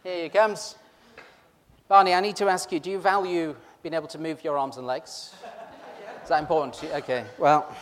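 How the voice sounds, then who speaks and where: A man's voice: fairly high pitch, fairly even intonation, moderate pace. A man preaching an interactive Easter sermon, chatty and teasing as he pulls the congregation in. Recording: long reverb of a large hall.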